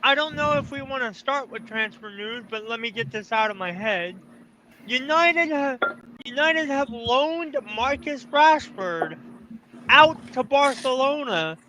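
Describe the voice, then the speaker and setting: A man with a very high voice chats eagerly on a sports podcast. He stumbles and repeats words while explaining, and there is clear background noise. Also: animated, unhurried, sharp tone. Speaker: podcast co-host. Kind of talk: casual chat. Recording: noisy room.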